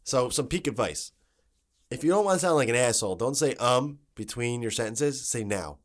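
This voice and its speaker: A man hosts a loose, joking podcast chat and laughs easily. His pitch swings widely as he riffs. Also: normal speed. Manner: joking, laughs often, animated. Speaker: podcast host. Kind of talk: casual chat.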